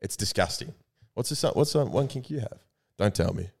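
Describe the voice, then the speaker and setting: A young man, chatting as a podcast co-host. His voice sits on the low side, and he teases and laughs his way through loose, sweary banter. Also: expressive, normal speed, creaky. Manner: teasing, laughs often, swears casually. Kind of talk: casual banter.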